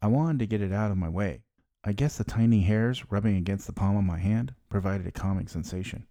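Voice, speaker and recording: A man's voice: lowish voice, brisk, dark tone, no room sound. A middle-aged man hosting a podcast, telling his own story in wry, candid scripted narration into a close mic. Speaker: podcast host.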